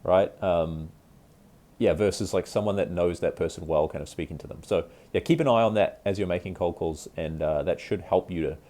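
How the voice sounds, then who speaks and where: A man's voice: low-pitched, brisk, dark tone. A man teaching sales technique in a casual, conversational way, often checking in with "right?". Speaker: sales trainer. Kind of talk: instructional talk.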